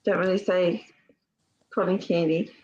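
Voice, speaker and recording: An Australian woman co-hosting a live stream over a video call, chatty and quick to laugh. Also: fairly low pitch, fairly even intonation, a little mellow, muffled recording, a little hiss or hum. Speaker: livestream co-host. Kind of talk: casual live-stream chat.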